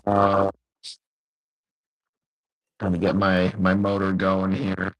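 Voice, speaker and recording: A man's voice: low voice, monotone, slow pace, lo-fi sound. A man hosting a casual live stream from home on his phone, easygoing and puzzled as he talks through connection trouble. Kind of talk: casual chat.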